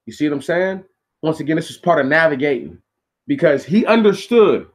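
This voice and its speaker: Animated, profane man telling a story. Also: a little high, a little fast. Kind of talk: casual storytelling monologue.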